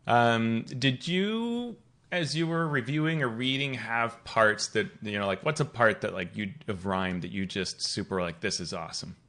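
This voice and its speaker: A man's voice: mid-range voice, animated, unhurried, a bit bright. A man hosting a podcast in casual chat, asking loose questions padded with fillers. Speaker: podcast host.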